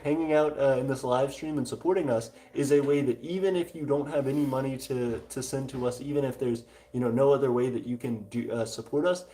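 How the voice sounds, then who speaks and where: A young man in his twenties from South Louisiana, co-hosting a casual livestream, reading chat aloud and answering with frequent hesitant pauses. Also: medium pitch, warm tone. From South Louisiana, USA. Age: 20s. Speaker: livestream co-host.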